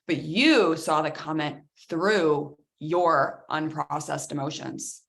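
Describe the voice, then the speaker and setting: Animated woman coaching a workshop. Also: sits low, slow, vocal fry. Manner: animated, acts out quoted dialogue in other voices. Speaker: host of a self-help workshop. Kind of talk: live coaching talk.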